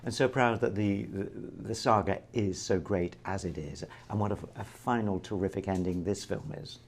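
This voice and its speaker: Older man, low voice, measured and proud. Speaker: interviewed actor. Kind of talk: press interview.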